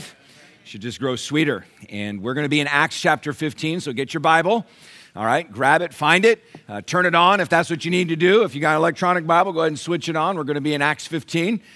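Bright-voiced pastor preaching. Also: male voice, a little high, brisk. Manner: animated, asks the congregation questions. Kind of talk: sermon. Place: church.

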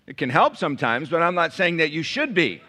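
A male pastor preaching a sermon. He moves between quiet scripture reading and prayer and loud, emphatic preaching, and he jokes with the audience and asks it questions. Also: fairly high pitch, sing-song, fairly quick.

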